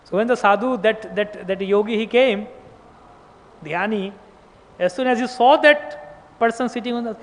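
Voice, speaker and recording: A man giving a scripture class, telling a story at an unhurried pace with frequent restarts and hesitations. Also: high voice. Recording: echoey hall.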